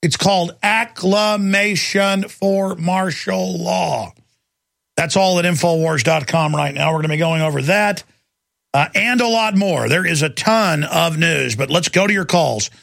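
Male radio host, call-in talk, gravelly voice, emphatic rambling delivery, slightly high pitch. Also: measured pace, a bit bright, no room sound, clean studio sound.

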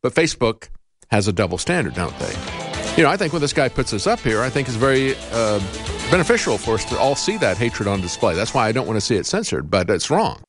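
A man hosting a talk show and giving opinionated political commentary, arguing with rhetorical questions, frequent uhs, and sudden upward jumps in pitch on his emphatic points. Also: big pitch swings, quick pace, music in the background.

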